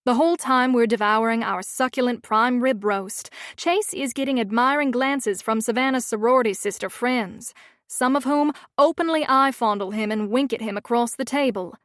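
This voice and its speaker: A woman's voice: on the high side, moderate pace, a bit bright, dry recording, clean studio sound. A woman narrating a romance audiobook in the first person, with a wry, sardonic manner.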